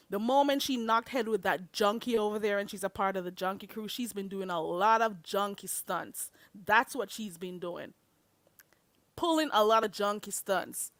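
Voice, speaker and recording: A woman's voice: medium pitch, a bit bright, no room sound. A woman hosting her own channel, delivering a profane, confrontational rant at her viewers and repeating her points. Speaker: channel host.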